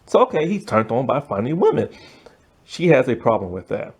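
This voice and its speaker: Male reviewer, casual and rambling, very lively pitch. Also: a little fast, husky. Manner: rambling and animated, many fillers. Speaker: show reviewer.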